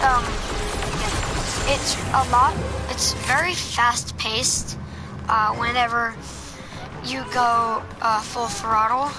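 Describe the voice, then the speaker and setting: A woman giving casual gameplay tips over a headset, hesitant and full of ums and restarts. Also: fairly high pitch. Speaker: gameplay commentator. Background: game music and sound effects.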